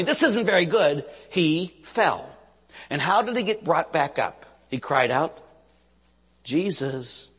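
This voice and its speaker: A man's voice: fairly high pitch, husky, big-room sound. A man, a Catholic priest, preaching a sermon with stories, acting out quotes and asking his listeners questions. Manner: storytelling, acts out quotes, asks the audience "Huh?".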